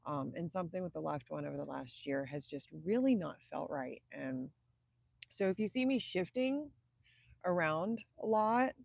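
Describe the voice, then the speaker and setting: A woman's voice: deep voice, expressive, normal speed, creaky, a little mellow, dry recording. A woman from Indiana hosting a casual live stream from inside a car at night, chatty and rambling, breaking off to greet viewers by name, sounding tired. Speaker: livestream host.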